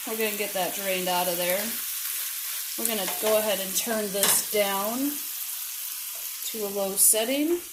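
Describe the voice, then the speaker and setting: A woman's voice: medium pitch, measured pace, pauses often. Chatty woman cooking in an echoey kitchen. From not from the American South. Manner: chatty, self-deprecating, talks while cooking. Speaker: home cook vlogger. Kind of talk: casual cooking vlog. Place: home kitchen with frying pan sizzling. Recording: echoey kitchen with frying noise.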